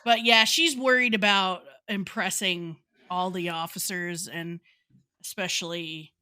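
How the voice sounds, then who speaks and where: A woman's voice: fairly low pitch, steady tone, unhurried, bright, forceful tone, clear, resonant tone. A woman co-hosting a podcast, chatting casually and adding details to her co-host's recap. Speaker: podcast co-host.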